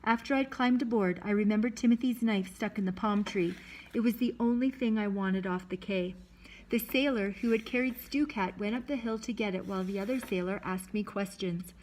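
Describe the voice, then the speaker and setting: A woman reading a novel aloud to listeners, lifting her voice for shouted dialogue. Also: medium pitch, a little fast, slight background noise, poor audio. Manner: lively, lifts voice for shouted dialogue. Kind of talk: read-aloud storytelling.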